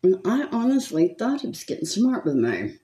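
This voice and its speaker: Chatty older Southern woman, lively voice. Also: medium pitch, normal speed. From California. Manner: chatty, gossipy, rambling with frequent laughs. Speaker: makeup vlogger. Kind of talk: casual chat while doing makeup.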